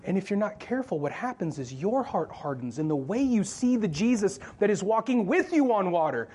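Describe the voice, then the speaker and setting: A man with a notably high voice preaching in church. He talks loosely and conversationally, cracks jokes and keeps asking the congregation questions. The delivery feels like chatting with friends from the pulpit. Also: big pitch swings, brisk, mellow, slightly rough. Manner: conversational, joking, asks the crowd questions. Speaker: pastor. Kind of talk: sermon.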